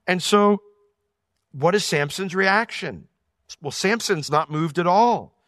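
A man's voice: high voice, slow, fairly bright tone, dry recording, studio quality. A man teaching through a Bible passage verse by verse, reading each verse aloud, explaining it plainly and now and then correcting himself.

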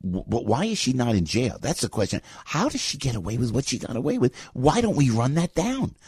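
A man hosting a talk radio show, giving a fired-up, rambling opinion monologue that swings from loud outbursts to low asides. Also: big pitch swings, brisk, slightly rough, dry recording.

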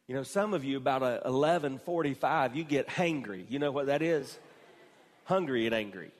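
A man preaching a sermon as pastor, moving from slow, quiet phrasing to raised, emphatic delivery. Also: mid-range voice, expressive, long reverb tail.

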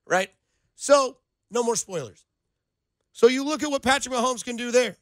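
A young man hosting a sports radio show in a studio, talking in an animated, rambling way full of playful comparisons. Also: extremely high pitch, normal speed, no echo. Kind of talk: casual sports radio banter.

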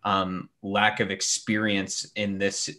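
A man's voice: lowish voice, completely flat delivery, slow pace, bright, forceful tone. A man giving blunt, emphatic opinions on a casual sports discussion panel, with frequent fillers. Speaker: hockey podcast panelist.

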